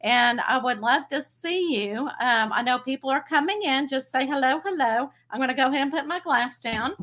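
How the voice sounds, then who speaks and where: Woman, Texas accent, slightly high voice, bubbly, chatty livestream host. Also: moderate pace, a bit bright. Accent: Texan. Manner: bubbly, chatty, laughs easily. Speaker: psychic medium livestream host. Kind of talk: casual livestream chat.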